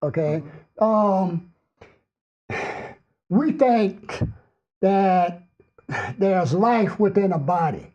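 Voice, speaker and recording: A man who is losing his voice, hosting a spiritual discussion group in a strained, hoarse tone and stressing points with frequent "okay?". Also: high voice, animated, very slow, long pauses, warm tone, muffled recording. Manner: emphatic, keeps asking "okay?". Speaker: host and teacher.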